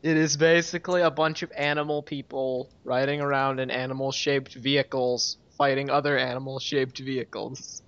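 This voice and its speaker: A man's voice: mid-range voice, flat delivery, normal speed, few pauses, fairly bright tone, clear, resonant tone. A man co-hosting a casual podcast, introducing news items with a light, joking tone. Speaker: podcast co-host presenting news. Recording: dull lo-fi audio.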